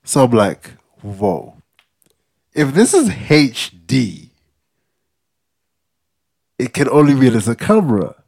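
A man's voice: mid-range voice, very animated, slow pace, gravelly, long pauses, a little mellow. A young man, co-hosting a podcast and animatedly retelling a story, acting out quotes with slang and tagging lines with "yeah?". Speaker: podcast co-host. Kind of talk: casual storytelling chat.

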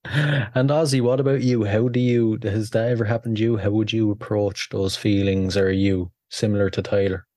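Low-voiced chatty podcast host. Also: male voice, steady tone, darkish tone, no echo, clean studio sound. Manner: chatty, quick to laugh. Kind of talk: casual interview.

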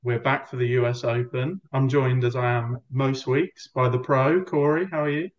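An easygoing man hosts a casual podcast, chatting through his talking points in a relaxed way. His pitch sits in the middle range. The recording sounds a little dull and lo-fi. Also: normal speed. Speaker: podcast host. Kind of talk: casual chat.

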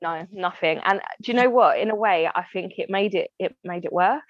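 A woman with a fairly low voice speaks fairly quickly as an interview guest, sharing a candid, heartfelt family story and often acting out her relatives' words. The recording is dry, with no room sound and a slightly dull lo-fi quality.

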